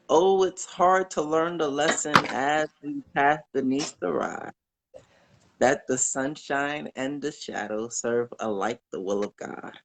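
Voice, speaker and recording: Man caller, fairly high voice, slow deliberate recitation of verse from memory, earnest. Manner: earnest, unhurried, halting between verses. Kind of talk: reciting poems from memory on a live call.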